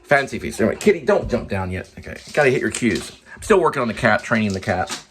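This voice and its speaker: Low-voiced guy rambling on a home vlog, chatting to his cat, faint hiss behind. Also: very animated, fast talker. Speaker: vlogger.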